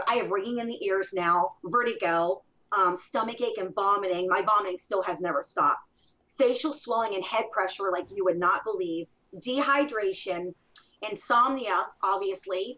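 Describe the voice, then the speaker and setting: A woman's voice: medium pitch, sharp tone. A woman telling her own story as an interview guest, in an emphatic way that circles back and repeats itself. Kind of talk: personal testimony. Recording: dull lo-fi recording.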